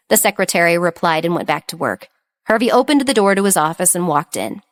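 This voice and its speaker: Woman narrating an audiobook, low and dry. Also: expressive, a little fast, no room sound. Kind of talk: scripted narration.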